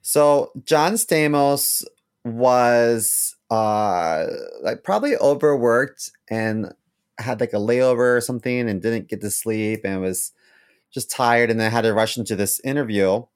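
A man's voice: medium pitch, unhurried, clear, resonant tone. A man co-hosting a podcast, telling rambling, wry stories in casual chat. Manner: wry, rambling storytelling with a lively lilt. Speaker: podcast co-host.

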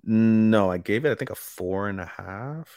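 A man co-hosting a casual anime podcast, retelling scenes with animated quoted lines. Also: on the low side, normal speed, dry recording. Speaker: podcast co-host.

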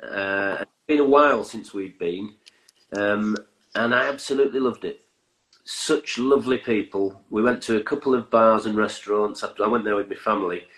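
A man in his fifties from northern England, a guest musician chatting in a relaxed way with dry humour. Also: lowish voice, normal speed, low-quality recording. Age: 50s. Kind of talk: casual interview chat.

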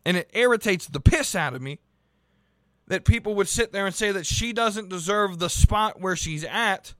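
A man's voice: high voice, a bit bright, no room sound. A young man hosting a podcast, ranting heatedly with lots of swearing and stumbling restarts. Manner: profane, heated, rambling with restarts. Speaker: podcast host reviewing wrestling. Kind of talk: casual ranting commentary.

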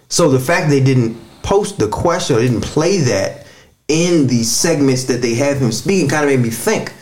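Animated, cursing male podcast host. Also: medium pitch, moderate pace. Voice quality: animated, profane, conversational. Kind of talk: casual podcast commentary.

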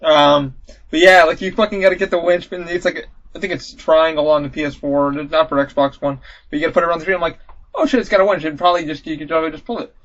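A man hosting a podcast in casual chat, excitable and swearing a lot, acting out game moments with loud yelps. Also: fairly high pitch, quick pace. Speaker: podcast host. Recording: dull lo-fi podcast audio.

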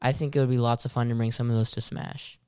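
A man's voice: medium pitch, level tone, fast, a little mellow, smooth, dry recording, studio quality. A man in casual conversation about video games who hesitates and searches for his words. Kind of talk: casual gaming chat.

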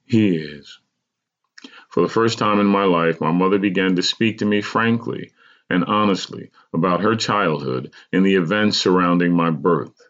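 A man, a podcast host, reading his personal memoir aloud in a measured, deliberate way. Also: sits low, a bit bright, highs cut off.

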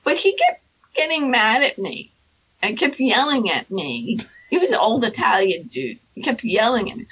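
Woman storyteller, casual chat, bright and husky tone, lively pitch. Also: normal speed, rough recording. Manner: animated, acts out quoted people in high squeaky voices. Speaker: storyteller guest. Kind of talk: casual anecdote telling.

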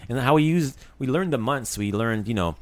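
Man, casual language lesson host, animated pitch, dry close sound. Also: brisk, dry recording. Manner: lively, explains words with many fillers.

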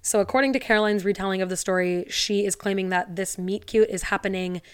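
A woman hosting a podcast in a chatty, wry way, tossing sarcastic asides between the passages she reads aloud. Her voice is smooth and clean, and the recording is close and dry, with no room around it. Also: medium pitch, fairly even intonation, fast talker, no room sound. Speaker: podcast host. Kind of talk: casual storytelling podcast, reading captions aloud.

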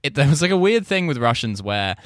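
A man's voice: medium pitch, big pitch swings, brisk, no echo, studio quality. An English man, a comedian guest, telling stories in casual podcast chat, rambling and swearing freely while acting out quotes.

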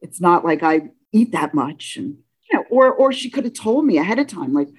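A woman telling a personal story in a casual, halting way, with restarts, acting out what people said with big jumps in pitch. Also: breathy edge. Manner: animated, acts out dialogue with pitch leaps; halting, frequent restarts and self-corrections.

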